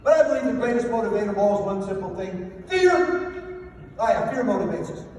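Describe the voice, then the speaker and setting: A man's voice: sits high, quick pace, dark tone. An older man giving a humorous motivational after-dinner speech, telling self-deprecating stories. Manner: anecdotal, self-deprecating storytelling. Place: banquet hall. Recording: echoey hall from far off, faint noise.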